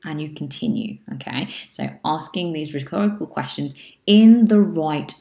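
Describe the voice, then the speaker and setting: A woman's voice: low voice, animated, moderate pace, gravelly, dark tone, echoey room. A woman teaching English exam speaking tips, checking in with frequent "okay?" and acting out sample answers with exaggerated intonation. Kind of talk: spoken exam tips lesson.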